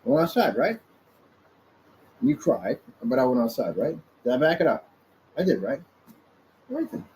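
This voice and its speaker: A man talking straight into the camera in his office with a lively voice that swings up and down, rambling and combative as he taunts his critics. His tone is mellow and dark, and there is a faint hiss of background noise behind him. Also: mid-range voice, normal speed, creaky, rough recording. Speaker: small business owner vlogging. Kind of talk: casual off-the-cuff vlog rant. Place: office indoors.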